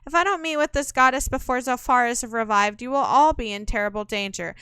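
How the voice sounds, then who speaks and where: A woman's voice: on the high side, bright, forceful tone, clear, resonant tone, no room sound. A woman reading a formal, earnest young heroine. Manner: measured, earnest, formal speech. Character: calm, formal young woman on a holy mission. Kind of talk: reading game dialogue aloud.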